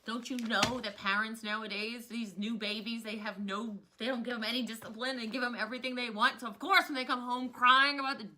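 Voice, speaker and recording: A woman in her thirties teaching a history lesson in a chatty, casual way, often veering off into animated personal rants. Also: fairly high pitch, fairly quick, hardly any pauses. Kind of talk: casual recorded history lecture.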